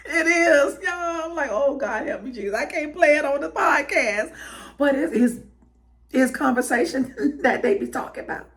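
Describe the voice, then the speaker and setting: A woman with a Southern US accent hosts her podcast in a lively, casual way, laughing between thoughts. Her fairly high voice swoops up and down with a lot of expression. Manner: animated, laughing, preacherly. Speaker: podcast host. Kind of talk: casual chat with listeners.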